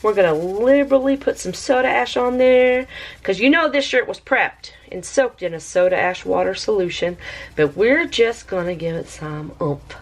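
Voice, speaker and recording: A woman hosting a casual craft review vlog, chatty and excitable, talking to viewers like friends. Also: moderate pace. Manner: bubbly and excitable, squeals with high delight. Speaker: craft video host.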